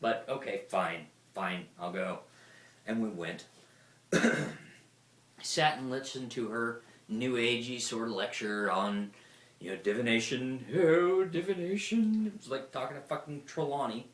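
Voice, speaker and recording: A man with a medium-pitched, unhurried voice gives a casual, rambling talk, telling lively stories and swearing freely, in a roomy, echoing space.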